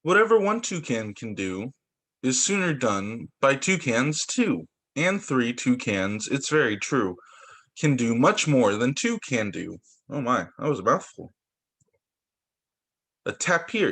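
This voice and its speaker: A male teacher reading picture books aloud to children over a video call, animated and expressive. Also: mid-range voice, a little slow.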